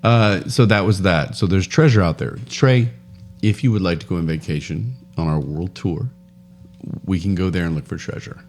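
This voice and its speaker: A man's voice: sits low, normal speed, darkish tone. A man co-hosting a podcast, rambling through news stories in casual banter and laughing often. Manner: rambling, laughs often, trails off mid-sentence. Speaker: podcast co-host.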